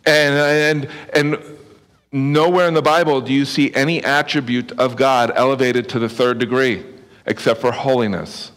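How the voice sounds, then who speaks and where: A man's voice: medium pitch, steady tone, normal speed, fairly bright tone. A man preaching a sermon in a conversational, earnest way, often restarting his phrases and adding asides. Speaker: pastor. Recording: long reverb of a hall.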